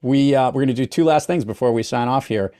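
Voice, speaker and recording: A man's voice: mid-range voice, quick pace, warm tone. A man hosting an interview podcast, upbeat and enthusiastic, often addressing his listeners directly. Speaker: podcast host. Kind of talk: casual interview chat.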